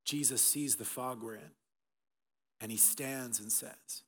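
A middle-aged man preaching from the pulpit, his average-pitched voice rising into emphatic bursts and then dropping to a hushed near-murmur. His words ring out into the long reverb of a large church hall. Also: slow pace, slightly rough. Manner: emphatic, swinging between loud bursts and soft hushed passages. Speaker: pastor. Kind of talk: Easter sermon. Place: church auditorium.

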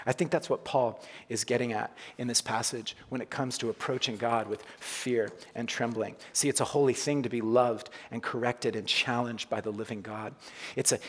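A male pastor giving a conversational, jokey sermon with bursts of loud emphasis, to a congregation in a church. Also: medium pitch. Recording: long hall reverb.

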